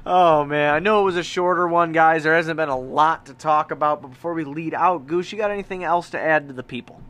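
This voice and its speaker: Sports podcast co-host, male, fairly high voice, swears a lot, animated and repetitive. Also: fairly quick. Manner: profane, animated, repeats himself. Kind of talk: casual sports podcast chat.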